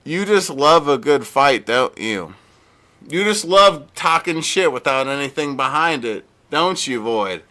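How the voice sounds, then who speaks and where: A man's voice: a little high, lively intonation, a little slow, bright, forceful tone. A young man streaming live, ranting at a chatter in a sarcastic, heated way. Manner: sarcastic, heated, mock-pleading. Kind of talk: live-stream rant to chat.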